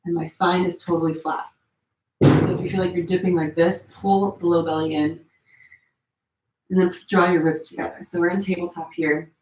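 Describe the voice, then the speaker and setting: A woman leads a gentle yoga flow in an echoey room at home, her voice sitting low. Her cues are relaxed and chatty, full of little fillers. She demonstrates each pose as she talks, and sounds a touch strained while holding them. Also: normal speed, background noise. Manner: demonstrating poses while talking. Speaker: yoga teacher. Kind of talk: live-streamed yoga class instruction.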